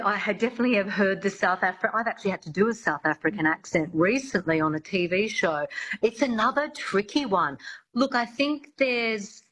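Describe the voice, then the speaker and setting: A woman's voice: mid-range voice, a bit bright, rough recording. A woman guest on a radio show, talking about work and agreeing readily. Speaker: accent coach guest. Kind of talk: radio interview.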